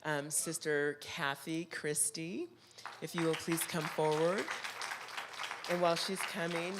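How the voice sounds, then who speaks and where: A woman chairing a church women's conference gives closing thanks in a church hall, speaking in a halting, heartfelt way with frequent ums. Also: low-pitched, steady tone, a loud crowd, very noisy. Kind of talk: closing remarks at a church event.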